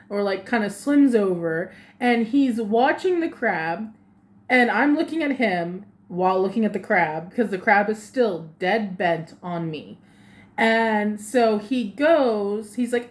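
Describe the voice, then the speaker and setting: A woman vlogger living in Japan, telling a funny personal story in a casual, animated way, laughing often and acting out the voices of the people in it. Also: medium pitch, a little slow. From lives in Japan.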